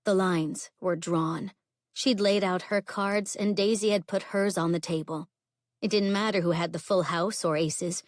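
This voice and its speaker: A woman's voice: lowish voice, fairly even intonation, unhurried, dry recording, clean studio sound. A woman narrating a contemporary romance audiobook, reading steadily and drawling the characters' lines. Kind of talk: scripted narration.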